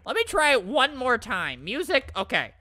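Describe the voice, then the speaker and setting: A man giving trolling commentary over online gameplay, talking hyper and yelling into the microphone. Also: very high-pitched, wildly swooping pitch, normal speed. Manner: hyper, yells into the mic. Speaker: gaming YouTuber.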